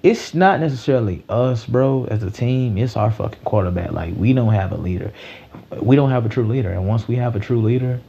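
A man's voice: mid-range voice, brisk, gravelly, warm tone, slightly rough, lo-fi sound. A man hosting a solo sports podcast, talking loosely and rambling, with lots of slang and swearing.

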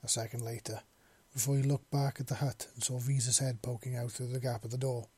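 A man narrating a story in a steady storytelling manner. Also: mid-range voice, fairly quick, slightly rough. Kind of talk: audiobook narration of fan fiction.

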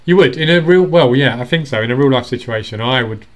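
Relaxed man, laughs often. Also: medium pitch, fast. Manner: laid-back, laughs often, swears casually. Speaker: podcast co-host. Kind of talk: casual chat.

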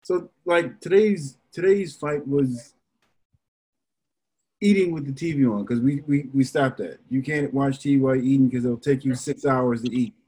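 A young adult man and podcast co-host, telling parenting stories in a rambling, animated way with many fillers. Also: medium pitch, moderate pace, slightly rough. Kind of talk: casual chat.

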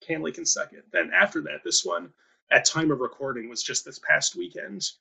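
A man hosting a casual podcast interview over a video call, chatty and quick to laugh, with lots of fillers. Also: fairly high pitch, gravelly, sharp tone, breathy edge. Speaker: podcast host.

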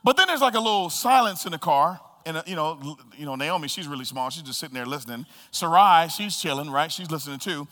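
A man preaching a sermon as pastor, swinging between loud bursts and hushed asides. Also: a little high, expressive, fast, hardly any pauses. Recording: reverberant hall.

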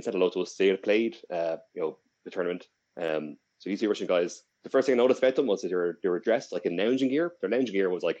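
A man's voice: sits low, darkish tone, highs cut off. A young Irish man co-hosting a podcast, telling a long story in a rambling, casual way with many restarts. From Ireland. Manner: rambling, with frequent restarts and fillers. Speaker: podcast co-host.

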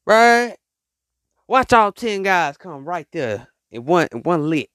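Animated high-voiced man rambling casually. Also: takes it slowly, dry recording, studio quality. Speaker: podcast host. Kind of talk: casual motivational monologue.

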